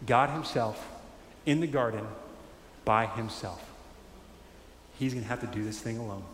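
A man preaching a sermon in a conversational, animated way, acting out quotes. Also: mid-range voice, slight background noise. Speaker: pastor. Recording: echoey hall with faint ambience.

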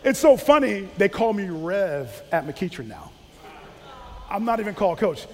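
A former football coach telling animated stories about players he coached, acting out quotes and laughing often. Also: high-pitched, normal speed, big-room sound. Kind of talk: casual storytelling.

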